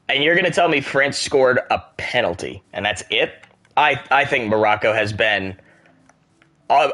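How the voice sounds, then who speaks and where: A young man from the United States chats casually with viewers while he plays a game. He jokes and reacts out loud to what he sees. His voice is bright and forward, with a lively, sharp edge. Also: medium pitch. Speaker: streamer. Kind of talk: casual chat while gaming.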